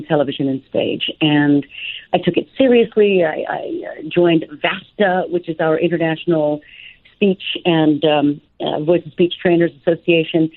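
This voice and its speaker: A woman, a voice actor and dialect coach, talking as an interview guest in a lively, expressive and playful way. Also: sits low. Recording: tinny phone-line audio.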